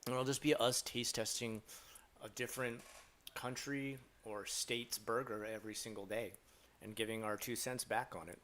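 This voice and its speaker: A man's voice: mid-range voice, steady tone, moderate pace, a bit bright. A man live streaming from home, chatting loosely with his viewers. He rambles and jokes, filling gaps with ums and likes as he replies to messages. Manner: rambling, joking, many fillers, reads chat aloud. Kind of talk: casual live stream chat.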